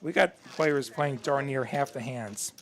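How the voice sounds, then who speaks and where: Male play-by-play commentator for a poker stream, easygoing and conversational, mid-pitched voice. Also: measured pace, vocal fry. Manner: relaxed, chatty, corrects himself on air.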